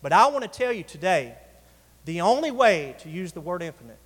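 A man's voice: high-pitched, sing-song, fairly bright tone, husky. A man preaching a sermon to his congregation, calling for responses and stretching out key words for emphasis. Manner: preaching with call-outs to the congregation, drawn-out emphasis. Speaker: pastor. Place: church sanctuary. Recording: reverberant church hall.

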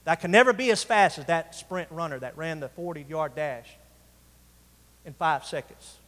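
A pastor's voice, on the high side and a bit bright, fills a reverberant church hall during a sermon. He stretches out words for emphasis and keeps calling for responses from his congregation.

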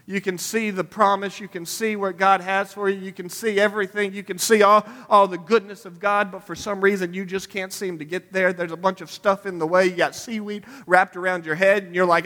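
A man preaching a sermon in a church, building from quiet reflection to shouted, pleading prayer. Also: high-pitched, flat delivery, a little fast, few pauses, big-room sound. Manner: impassioned, rising to shouted pleading.

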